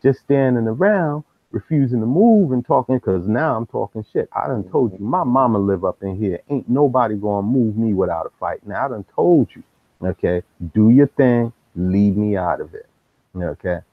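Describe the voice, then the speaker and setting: A man's voice: fairly low pitch, moderate pace, dry recording. Streetwise man telling stories on a tinny line. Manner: streetwise slang, animated acting out of quotes. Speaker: live stream host. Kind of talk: casual storytelling. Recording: tinny phone-like dry sound.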